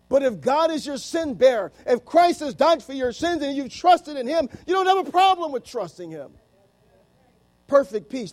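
A man in his fifties preaching a sermon with an unusually high voice for a man. He drives his points home with emphasis, slips into the voices of imagined doubters, and rises to shouts on key words.

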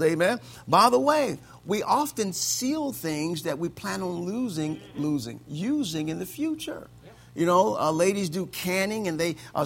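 A man's voice: sits high, gravelly. A male pastor preaching a conversational sermon to his congregation, punctuating his points with "amen" and light chuckles. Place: church service with congregation.

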